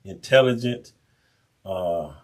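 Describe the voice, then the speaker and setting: Deep, animated, teasing male host. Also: takes it slowly. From American South. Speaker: podcast host. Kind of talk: casual interview chat.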